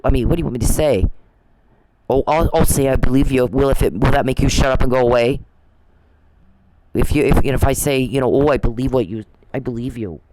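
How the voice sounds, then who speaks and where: A man's voice: mid-range voice, background noise. A man giving casual ranting commentary, profane and repetitive, often restarting his sentences. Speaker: commentator on a dispute.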